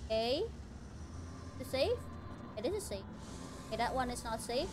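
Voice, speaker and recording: A woman's voice: a little high, very animated, moderate pace, background noise. A woman streaming a video game live, talking to herself playfully with mock-outraged exclamations. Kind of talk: live gameplay commentary.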